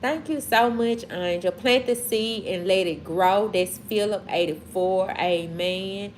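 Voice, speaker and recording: With a mid-range voice and a faint hum or hiss on the audio, this livestream host from Mississippi drawls slowly in her Southern accent. She keeps things casual, responding directly to chat and the comments coming in.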